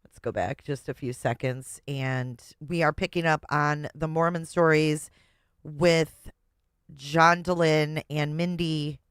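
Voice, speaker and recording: A woman's voice: deep voice, steady tone, slow, clean tone, dry recording, clean studio sound. A woman hosting a livestream, chatting with viewers and making sarcastic asides as she reacts to a podcast. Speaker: livestream host.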